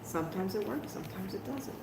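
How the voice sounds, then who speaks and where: With a medium-pitched, creaky voice, lively intonation and a fairly quick delivery, a middle-aged woman hosts a casual crafting stream from home. She talks straight to her viewers and laughs off her own errors, eventually stepping outside. There's home-room echo and faint background noise.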